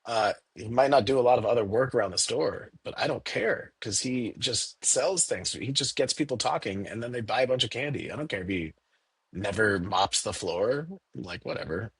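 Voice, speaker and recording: A candy store owner in a casual interview, talking animatedly and acting out little quoted exchanges in a raised voice. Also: male voice, mid-range voice, expressive, moderate pace, slightly rough, no room sound.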